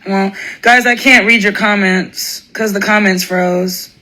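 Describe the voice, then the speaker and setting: A woman hosting a live stream, telling a profane story in a blunt, animated way and laughing often. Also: medium pitch, measured pace.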